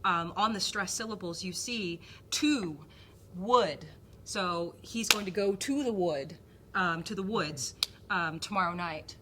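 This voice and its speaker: A woman's voice: lowish voice, unhurried, a little hiss or hum. A woman acting coach patiently explaining a technique, with many ums as she talks. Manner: patient, filler-heavy explaining.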